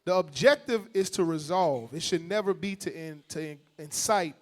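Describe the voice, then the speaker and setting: High-voiced man preaching casually. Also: normal speed. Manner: casual, slangy, animated preaching with call-and-response. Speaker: bible teacher. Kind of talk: church teaching to a congregation.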